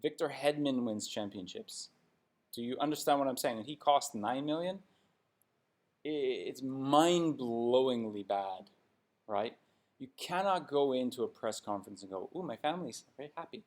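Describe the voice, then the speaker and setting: A man's voice: medium pitch, measured pace, a little mellow. Blunt, sarcastic male hockey commentator. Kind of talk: opinionated commentary vlog.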